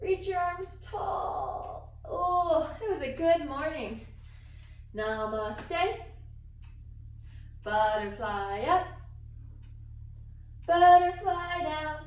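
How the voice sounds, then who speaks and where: A young adult woman teaching a yoga class for children in a gentle, sing-song, playful way. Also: high voice, expressive, extremely slow, pauses often. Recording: echoey room, voice from far.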